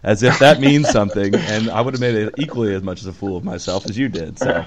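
A man hosting a casual golf podcast, upbeat and quick to laugh, with lively asides. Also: fairly low pitch. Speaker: podcast host.

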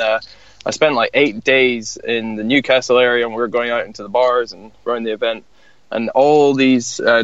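A Scottish man tells stories in a relaxed, rambling, self-deprecating way as a podcast guest. His voice is mid-pitched and the sound is a little dull. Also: no room sound. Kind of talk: casual storytelling chat.

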